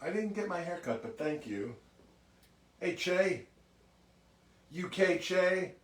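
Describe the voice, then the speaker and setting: A man's voice: high voice, expressive, slow pace, recorded from a distance. A man hosting a music livestream, chatting casually and greeting viewers one by one by name. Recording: roomy sound from off mic.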